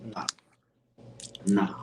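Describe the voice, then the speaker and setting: A man with a middle-pitched voice talks in a relaxed, slangy way, cursing often. He sits a little off the mic, and a faint hiss runs underneath. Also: extremely slow, distant mic. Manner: laid-back, heavy swearing, slangy. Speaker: podcast host. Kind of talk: casual chat.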